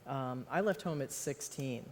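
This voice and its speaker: A woman's voice: rumbling low, a little slow, a little mellow, in a large hall. An American woman, the guest author, talking onstage before an audience in a rambling, self-deprecating way with frequent laughs. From United States. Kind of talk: live onstage conversation. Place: stage in a large hall before an audience.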